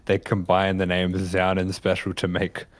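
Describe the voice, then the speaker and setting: Male caster with a deep voice, laid-back live commentary, matter-of-fact. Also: completely flat delivery, moderate pace, dry recording. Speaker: esports caster. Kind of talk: casual live game commentary.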